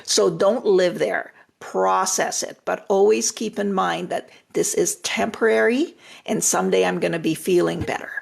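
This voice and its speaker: An older woman with a deeply gravelly, husky voice gives relationship advice on a live stream. She talks directly and reassuringly, often repeating a phrase for emphasis. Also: fairly even intonation, moderate pace. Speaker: retired relationship therapist giving advice.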